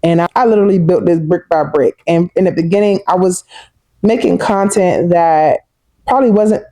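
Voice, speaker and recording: A woman in her thirties talking casually and warmly to her viewers in a personal vlog, chatty and heartfelt. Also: on the low side, moderate pace, no room sound. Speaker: vlogger.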